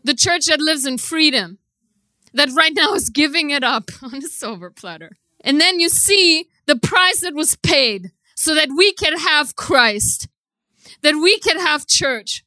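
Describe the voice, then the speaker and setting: A woman preaches through a personal testimony, chatty and full of "like" fillers. Her voice is bright and edged, sitting a little high, and the recording is dry and close. She drops to a near hush for the story, then climbs into loud, impassioned preaching. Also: expressive, a little slow, no echo. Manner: conversational, many "like" fillers.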